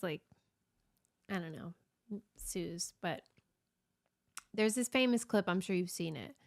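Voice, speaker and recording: A woman co-hosts a podcast in easy, casual chat. She tells stories with wry asides, and her voice carries a gravelly, creaky edge at an ordinary pitch. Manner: chatty storyteller, wry asides. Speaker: podcast co-host.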